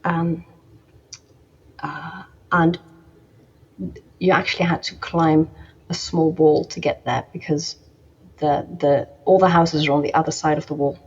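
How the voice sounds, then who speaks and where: A woman's voice: low voice, husky. A woman narrating as game master of a tabletop game, hesitant, with many ums and restarts. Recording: dull lo-fi recording.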